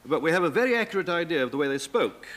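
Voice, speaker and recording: Man, middle-aged, professorial guest, wide-ranging pitch. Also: very animated, racing, a bit bright, slight background noise. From England. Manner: professorial, demonstrates old pronunciations. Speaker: talk show guest. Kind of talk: lively explanatory chat.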